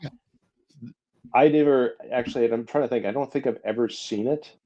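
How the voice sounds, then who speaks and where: A man's voice: medium pitch, a little fast, warm tone, dull audio. A man co-hosting a podcast in casual chat, rambling and searching for words.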